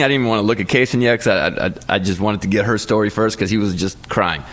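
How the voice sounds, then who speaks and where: A man in his thirties co-hosting a casual podcast chat, telling stories with lively energy and acting out his kids' voices. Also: lowish voice, fast, hardly any pauses. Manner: animated storyteller, acts out his kids' voices. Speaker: podcast co-host.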